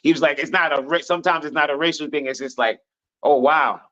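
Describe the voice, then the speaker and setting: An American man on a podcast panel, telling stories in a loud, animated voice and swearing a lot. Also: on the high side, fast talker. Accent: American English. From United States. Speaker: panel guest. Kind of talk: casual storytelling on a podcast panel. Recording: dull lo-fi remote audio.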